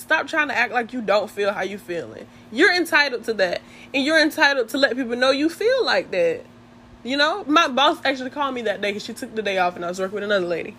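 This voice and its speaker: A young woman, chatting casually to her viewers and telling an animated story. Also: on the high side, a little hiss or hum. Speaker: vlogger.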